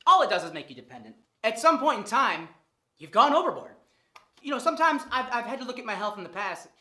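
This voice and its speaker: Brief: woman vlogger in her thirties, bright forceful voice, lively pitch, blunt and profane, hammers points with repetition. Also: fast talker. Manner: animated, profane, emphatic repetition. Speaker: fitness vlogger. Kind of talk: casual vlog monologue.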